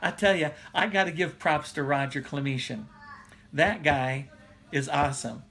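Middle-aged male pastor, slightly high and bright voice, loose conversational preaching that keeps breaking into chuckles. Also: normal speed, vocal fry. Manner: laughs often, reads viewer comments aloud. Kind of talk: casual live-streamed Bible teaching.

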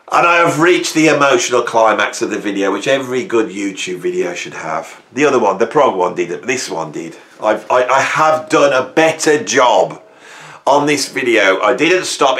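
A middle-aged man hosting a music channel, ranting at his viewers in a theatrical, self-mocking way, swinging from hushed asides to loud bursts. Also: mid-range voice, animated, normal speed. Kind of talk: casual mock-rant to camera. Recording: echoey room.

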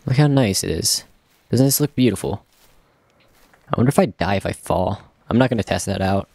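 A man's voice: lowish voice, expressive, a little fast, vocal fry, darkish tone, breathy edge, no echo. A young man casually commentating his own gameplay, chatty and joking, talking to himself as he plays. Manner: chatty, talks to himself, jokey and self-mocking. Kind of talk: casual let's-play commentary.

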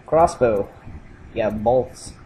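A man's voice: on the low side, slow pace, warm tone, a little hiss or hum, low-quality recording. A young man giving casual, joking let's-play commentary, rambling and sarcastic. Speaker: gamer commentating a playthrough.

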